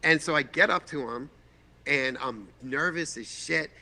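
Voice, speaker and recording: Gravelly bright-voiced storyteller man. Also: on the high side, measured pace. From Boston area, USA. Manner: animated, profane, acts out voices in his stories. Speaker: guest filmmaker. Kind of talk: casual storytelling anecdote.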